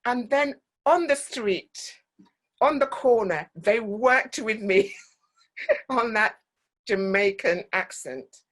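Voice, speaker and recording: A woman's voice: on the high side, animated, slow pace, a bit bright. A woman from Guyana, an actor giving a talk and telling personal stories with frequent ums.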